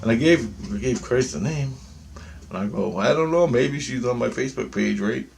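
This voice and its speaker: A man's voice: medium pitch, normal speed, gravelly, a little mellow, a little hiss or hum. A man talking in a loose, meandering monologue, swearing freely as he tells a story. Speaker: vlogger. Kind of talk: casual rambling monologue.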